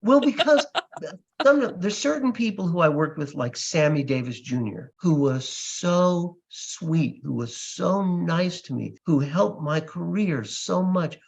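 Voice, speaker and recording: This older man is a comedy magician appearing as a podcast guest, giving a storytelling interview answer full of animation and impressions of other people's voices. He speaks slowly in a gravelly, fairly high voice with lively intonation. The lo-fi recording sounds slightly dull.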